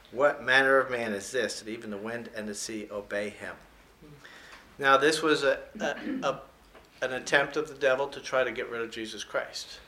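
A man preaching a sermon, reading scripture aloud in a slow, emphatic way and adding folksy, joking comments between the verses. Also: mid-range voice, bright, forceful tone. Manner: slows down and stresses key scripture words.

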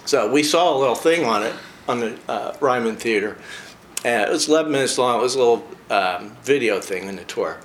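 A man's voice: medium pitch, lively intonation, fairly quick, slight background noise. Chatty man reading aloud with asides. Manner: chatty, with frequent personal asides between read passages. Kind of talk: casual talk, reading a short biography aloud.

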